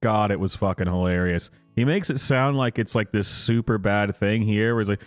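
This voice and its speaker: A man's voice: medium pitch, a little slow, no room sound, soft background music. A man hosting casual reaction commentary, sarcastic and mocking, laughing often. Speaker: commentary host.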